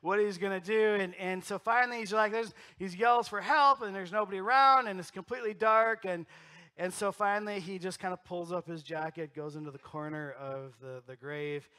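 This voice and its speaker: Bright high-voiced preaching man. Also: steady tone, normal speed, smooth. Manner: storytelling, swings between loud emphasis and quiet. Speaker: pastor. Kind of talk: sermon. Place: church sanctuary.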